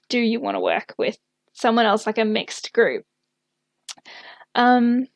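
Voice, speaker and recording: A young woman talks through a tarot spread in a loose, chatty way, filling pauses with "like" and soft laughs. Her voice sits a little high. The recording is dry and close, with no room sound. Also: dry recording. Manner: chatty, thinking aloud, many fillers and little laughs. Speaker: tarot reader. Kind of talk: casual tarot reading.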